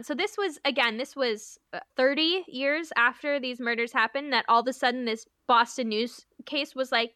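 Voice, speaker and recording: A young woman co-hosts a casual true-crime podcast, narrating with lively, filler-heavy chat. Her voice sits high and sounds bright and sharp. The recording is close and dry. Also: no echo. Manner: chatty, animated storytelling with many fillers. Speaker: podcast co-host.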